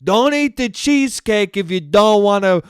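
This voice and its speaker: A man putting on a loud, swaggering middle-aged politician who brushes off questions with blunt, crude quips. The voice sits high and sounds smooth, recorded close and dry with no room around it. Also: expressive, normal speed, no room sound. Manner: swaggering, blunt, talks down to reporters. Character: brash middle-aged male New York politician.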